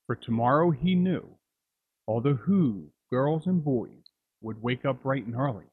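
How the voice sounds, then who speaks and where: Man, host, storybook reader, husky voice, slow and dramatic. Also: medium pitch, no echo, phone-quality sound. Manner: dramatic, drawing out repeated words. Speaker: narrator and show host. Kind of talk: storybook reading of rhyming verse.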